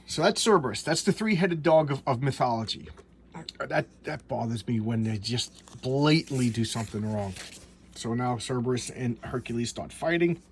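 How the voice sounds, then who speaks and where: A man's voice: medium pitch, brisk, slight background noise. A man casually reviewing an old comic book, retelling the story in a loose, rambling way with frequent restarts and asides.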